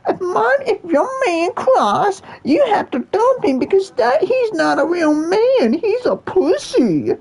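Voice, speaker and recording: Guy doing a squeaky whiny mocking girl voice, slow and sing-song. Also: sing-song, gravelly, a little mellow, heavily acted. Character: shrill mocking young woman scolding men.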